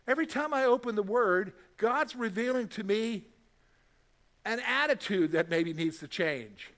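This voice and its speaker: A man preaching a sermon in a fairly high voice. He talks to the congregation in a conversational, emphatic way, and his voice rises and swells on key points. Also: animated, fairly bright tone. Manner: reads scripture aloud in a measured voice. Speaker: pastor.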